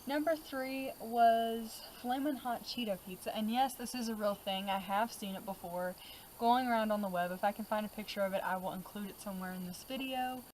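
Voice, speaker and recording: A woman's voice: mid-range voice, a little fast, a little mellow, slight background noise, rough recording. Chatty woman vlogging outdoors. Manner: chatty, many fillers like "um" and "like". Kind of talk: casual chat about journal pages.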